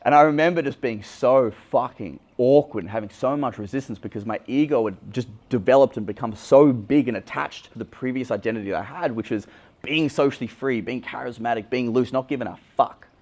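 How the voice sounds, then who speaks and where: A man's voice: mid-range voice, fairly quick, a little mellow. A young Australian man, a dating coach, talking casually and bluntly with frequent swearing. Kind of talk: candid vlog monologue.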